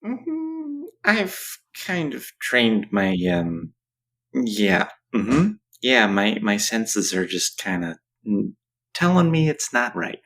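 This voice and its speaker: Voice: medium pitch, huge pitch swings, slow, creaky, fairly bright tone. A player in a tabletop game, hesitant and hedging. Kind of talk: tabletop role-play chat.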